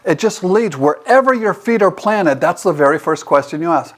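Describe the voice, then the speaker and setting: Middle aged guy teaching networking tips, kinda high voice, plays out little conversations as he goes. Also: fairly quick, hardly any pauses. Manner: animated storytelling, acting out dialogue. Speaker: leadership teacher and host. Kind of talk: motivational talk.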